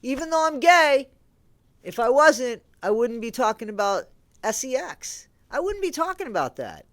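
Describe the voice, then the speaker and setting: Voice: high-pitched, big pitch swings, normal speed, no room sound. A YouTube host in a casual commentary vlog, rambling and incredulous, talking straight to viewers with frequent restarts. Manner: rambling, conversational, restarts often.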